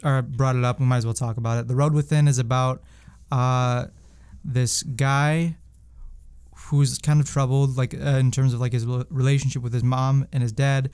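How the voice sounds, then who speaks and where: A man's voice: mid-range voice, flat delivery, moderate pace, darkish tone, clear, resonant tone. A young man co-hosting a casual podcast about movies, talking in a rambling way with many fillers and restarts. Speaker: podcast co-host. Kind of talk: casual movie-review chat.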